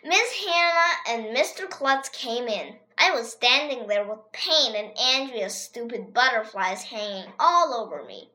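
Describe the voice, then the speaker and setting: Child reading a story, bright and lively. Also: medium pitch, unhurried, few pauses. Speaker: reader.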